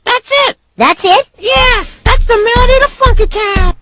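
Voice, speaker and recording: A tiny talking towel chirps in a squeaky, sky-high falsetto, dragging its words out slowly. Loud music plays right under it. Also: male voice. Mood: chirpy.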